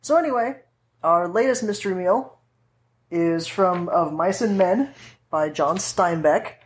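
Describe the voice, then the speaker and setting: A woman's voice: fairly low pitch, measured pace. A woman hosting a podcast in a casual, chatty way, explaining things with easy fillers. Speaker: podcast host.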